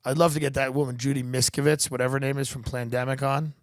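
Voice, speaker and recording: A man's voice: medium pitch, flat delivery, quick pace, dry recording, studio quality. A man hosting a comedy podcast, riffing in a profane, sarcastic, rambling monologue.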